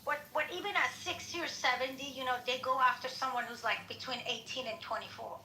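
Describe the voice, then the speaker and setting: Bright-voiced woman telling a story. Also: sits high, quick pace. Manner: animated storyteller, acts out quotes. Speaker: participant in a social audio chat room. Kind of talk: casual storytelling chat. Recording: echoey room with faint noise.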